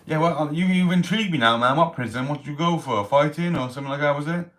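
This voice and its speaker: A man's voice: a little high, fast, fairly bright tone. A man hosting a casual livestream, reading out chat comments and telling stories in street slang. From Wales. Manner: chatty, street slang, reads chat aloud. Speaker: livestream host.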